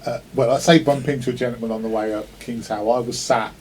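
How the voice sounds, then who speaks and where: A man in casual podcast chat, spinning a self-mocking yarn and slipping into the voices of the people in his story. His pitch sits mid-range for a man. A faint hiss of noise runs under the recording. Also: fairly even intonation, fast talker, a little mellow. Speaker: podcast co-host. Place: heated pod on a trip away.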